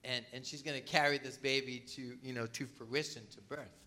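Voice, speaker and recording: A man preaching a sermon who reads scripture aloud and explains it, pausing often to cough and clear a tickle in his throat. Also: medium pitch, steady tone, sharp tone. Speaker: pastor.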